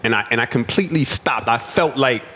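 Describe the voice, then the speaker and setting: Here a restaurant owner from the United States tells his own story on a podcast, earnest and prone to repeating himself. His medium-pitched voice moves fairly quickly and sounds bright and forceful.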